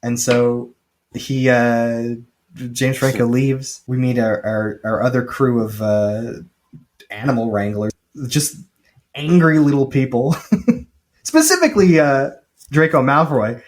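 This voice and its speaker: A man co-hosting a casual podcast, retelling a film with jokes and quick paraphrased lines from its characters. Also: medium pitch. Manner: chatty, joking, quick paraphrased quotes. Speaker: podcast co-host recapping a film. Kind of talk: casual chat.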